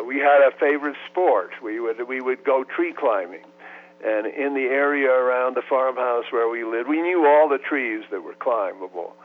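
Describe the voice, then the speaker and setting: A man in his eighties from the United States, recalling his life in an oral history interview, hesitant with many fillers and restarts. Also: medium pitch. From United States (Los Angeles, raised in New York City). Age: 80s. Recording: tinny phone line.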